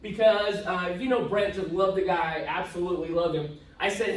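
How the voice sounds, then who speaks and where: A man's voice: high-pitched, steady tone, moderate pace, hardly any pauses. A man giving a live motivational talk to an audience in a conference room, telling stories in a joking, self-deprecating way. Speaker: motivational speaker. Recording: echoey room, voice from far off.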